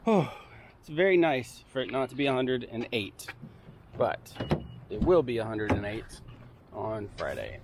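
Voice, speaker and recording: A man casually vlogging through a camera review, chatty and relaxed and laughing easily, recorded on a built-in action camera mic. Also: medium pitch, measured pace, long pauses. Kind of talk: casual vlog chat. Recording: noisy outdoor action-camera audio.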